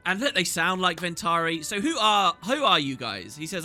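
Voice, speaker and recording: Male gaming host, bright and fairly high voice, chatty, enthusiastic commentary, faint game music behind. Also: sing-song, moderate pace, hardly any pauses. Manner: chatty, enthusiastic, reads dialogue aloud. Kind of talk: casual gameplay commentary.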